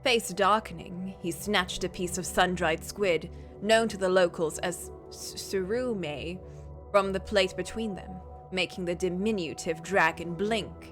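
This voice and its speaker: A woman's voice: lowish voice, a little slow, soft background music. A woman streamer reading a story aloud in a casual way, with playful, chatty asides.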